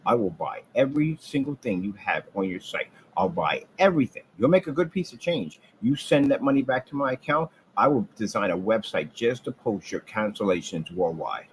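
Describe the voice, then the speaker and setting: A man delivering a rambling, boastful trash-talk rant about his business, taunting rivals and jumping from low mutters to loud outbursts. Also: lively intonation, moderate pace, few pauses, a little hiss or hum, low-quality recording. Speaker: business owner ranting on his channel.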